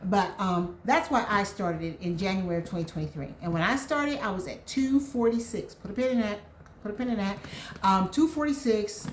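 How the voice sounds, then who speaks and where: A woman's voice: mid-range voice, reverberant, a little hiss or hum. A woman hosting her own vlog, chatting casually with viewers and calling them y'all, a bit out of breath, with lots of ums. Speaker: vlog host. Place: home, indoors.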